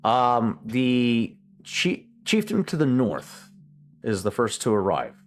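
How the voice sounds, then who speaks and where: A man running a tabletop role-playing game as game master, narrating scenes in a halting way with many restarts. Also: medium pitch, very animated, faint music behind.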